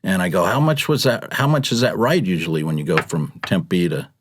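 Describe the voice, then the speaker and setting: A man's voice: sits low, brisk, noisy background. A middle-aged man telling a rideshare story in casual chat, acting out passengers' lines as he goes. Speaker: podcast guest, rideshare driver.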